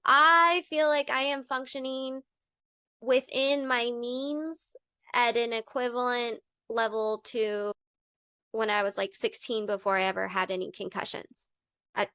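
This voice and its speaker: A young woman co-hosting a podcast with her mother, telling personal stories openly and with an animated, laughing manner. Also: high voice, smooth, no room sound, studio quality. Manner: open, animated storytelling with laughs. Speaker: podcast co-host. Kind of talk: candid podcast conversation.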